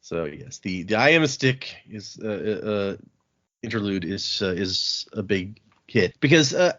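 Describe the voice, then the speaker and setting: A man hosting a podcast, recapping chapters in a casual, animated way with frequent laughs and restarts. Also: lowish voice, measured pace. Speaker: podcast host recapping a book. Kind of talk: casual book-club chat. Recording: dull lo-fi podcast audio.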